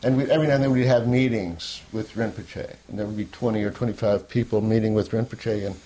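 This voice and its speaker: An older man telling a personal story in a candid, rambling way, at times sinking to a soft near-whisper. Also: on the low side, fast talker. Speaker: interviewee.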